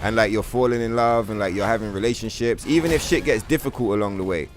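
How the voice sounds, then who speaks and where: A man's voice: fairly low pitch, fast, a little hiss or hum. A man, streaming a video game and ranting casually, full of swearing and filler words. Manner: profane, rambling rant, heavy on "bro" and "like". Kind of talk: casual livestream commentary.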